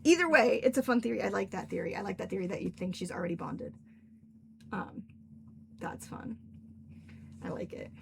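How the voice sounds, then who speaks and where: A woman's voice: medium pitch, lively intonation, moderate pace, creaky, long pauses, a little hiss or hum. A young adult woman hosting a casual livestream as an author, chatting with a friend and filling her talk with "like". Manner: chatty, lots of filler "like". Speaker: author and stream host.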